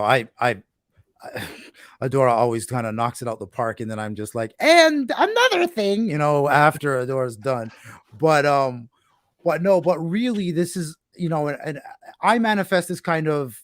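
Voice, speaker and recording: A man's voice: medium pitch, no room sound, studio quality. A man speaking as a panelist in a discussion, discursive and building his points through rhetorical questions.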